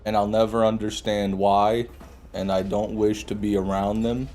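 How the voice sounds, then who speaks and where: A man's voice: lowish voice, little pitch movement, moderate pace, dark tone. A young man streaming a game, ranting sarcastically and swearing as he answers chat. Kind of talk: casual live-stream commentary.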